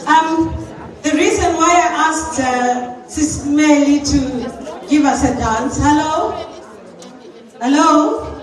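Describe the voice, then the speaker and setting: A woman acting as MC at a ball, addressing the room in a measured way and asking the guests for quiet. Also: high voice. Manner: measured, repeats calls for quiet. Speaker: event MC. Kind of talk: announcing to a hall. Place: large indoor hall. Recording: echoey hall from far off, crowd behind.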